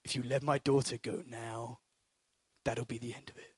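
A man putting on the voice of a calm, menacing middle-aged ex-agent father, speaking in a low, slow, threatening whisper. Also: breathy edge, no room sound. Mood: coldly menacing.

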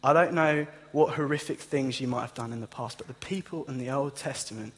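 A man preaching a sermon, retelling scripture with animated, acted-out reactions and quotes. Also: fairly quick, breathy edge. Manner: animated, acts out startled listeners in a higher voice. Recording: echoey hall with long reverb.

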